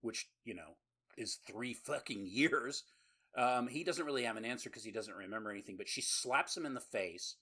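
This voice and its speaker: A man's voice: medium pitch, moderate pace, sharp tone, husky. A man co-hosting a podcast, recapping a horror movie in rambling, profane casual chat full of laughs. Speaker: podcast co-host.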